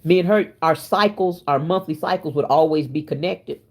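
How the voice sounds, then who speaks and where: Woman, fifties, low-pitched, husky voice, casual chat to viewers, laughs a lot. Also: moderate pace. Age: 50s. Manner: chatty, laughs often, talks straight to viewers. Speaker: channel host.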